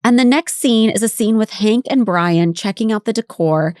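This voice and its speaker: A woman's voice: mid-range voice, normal speed, a little mellow, no echo, studio quality. A woman co-hosting a podcast, chatting casually and bluntly, swearing now and then. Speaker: podcast co-host. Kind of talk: casual chat recapping a reality show.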